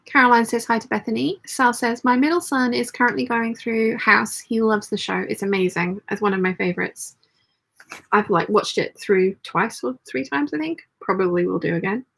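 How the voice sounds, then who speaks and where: A woman chats through a live stream while she sews, reading out viewer comments and answering them. Her voice is gravelly with a husky edge, and she talks in a loose, chatty way with plenty of fillers. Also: on the high side, fairly bright tone. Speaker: sewing channel host. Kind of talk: casual live-stream chat while sewing.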